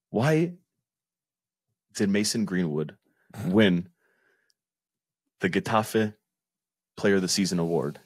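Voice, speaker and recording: Man, lowish voice, lively, jokey, laughs a lot, dry sound, podcast host. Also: drawn-out words, long pauses, dry recording. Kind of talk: casual chat.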